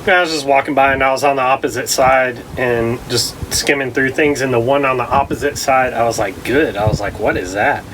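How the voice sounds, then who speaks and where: A man talks in a bright, clear voice, laid-back and easily excited as he tells a story. His chat is casual and loose. Faint noise sits in the background. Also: mid-range voice, fairly quick, few pauses, poor audio. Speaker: vlogger.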